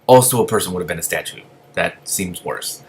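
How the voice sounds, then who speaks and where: A man with a fairly low voice reads a novel aloud, now and then breaking into soft, gushing commentary. A faint ambience hums behind him. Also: brisk, a little hiss or hum. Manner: gushing asides between reading. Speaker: reader.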